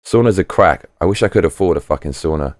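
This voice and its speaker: A fast-talking man with a low pitch and lively intonation runs a live chat stream, cursing freely, rambling, and restarting again and again. The studio sound is clean, with no room sound.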